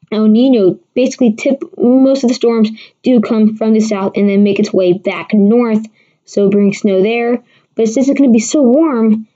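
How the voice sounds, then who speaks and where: An amateur weather forecaster with a warm, medium-pitched voice hosts a casual livestream forecast. She rambles and restarts often while answering viewers, and the stream audio is dull and lo-fi.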